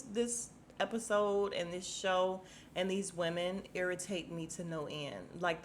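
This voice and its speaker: A woman's voice: medium pitch, fairly bright tone. A young adult woman hosting a casual podcast, recapping reality TV bluntly, swearing freely and acting out the cast's lines. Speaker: podcast host.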